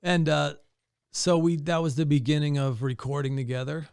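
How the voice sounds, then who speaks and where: Speaking at a moderate pace in a slightly high, creaky but clean voice, this podcast guest, a touring drummer, animatedly recounts studio and tour tales in a casual interview. He performs what others said as he quotes them, and the recording has no room reverb.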